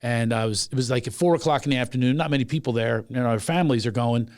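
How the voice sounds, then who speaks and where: A middle-aged man from Philadelphia hosting a podcast, telling stories in a lively, animated way and quickly agreeing with his guest. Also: medium pitch, no room sound, studio quality. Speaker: podcast host. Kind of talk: casual conversation.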